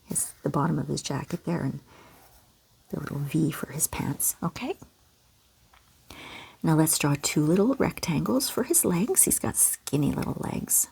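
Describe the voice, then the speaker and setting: A gentle, encouraging woman from Canada, talking kids through a step-by-step drawing lesson in a soft voice. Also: low voice, normal speed, gravelly, long pauses, breathy edge, in a whisper. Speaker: children's art teacher.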